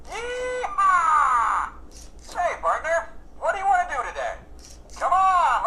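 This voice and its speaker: An actor voicing a cheerful, folksy cowboy sheriff toy doll, heard through a toy voice box. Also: male voice, very high-pitched, bright, forceful tone, slight background noise, heavily acted. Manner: folksy drawl with whoops and giggles. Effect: toy voice box speaker. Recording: tinny toy speaker in a roomy space.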